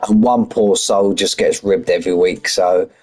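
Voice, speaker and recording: Brief: middle-aged bloke, slightly low voice, loose banter-heavy stream chat, greets chat by name. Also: male voice, steady tone, normal speed, darkish tone. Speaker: sim racing league commentator.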